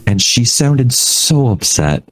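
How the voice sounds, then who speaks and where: A man's voice: mid-range voice, very animated, slow pace, low-quality recording. A man co-hosting a podcast, chatting casually in a rambling, self-deprecating way with frequent laughs. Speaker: podcast co-host. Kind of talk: casual chat.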